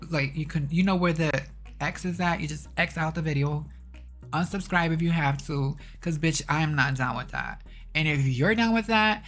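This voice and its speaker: A woman's voice: low voice, a bit bright. A young woman ranting to her vlog audience, exasperated and blunt, swearing and repeating herself. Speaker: vlogger. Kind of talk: casual rant to camera.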